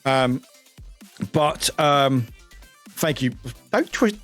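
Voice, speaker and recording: Tired British man streaming, lively pitch. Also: normal speed, faint music behind. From United Kingdom. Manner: excitable, rambling, swears and laughs often. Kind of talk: casual livestream chat.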